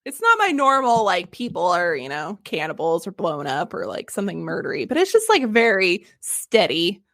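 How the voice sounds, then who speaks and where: A woman hosting a casual history podcast, telling the story in an animated, jokey way with laughs and swearing. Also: fairly low pitch, normal speed, gravelly, no room sound, clean studio sound. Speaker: podcast host.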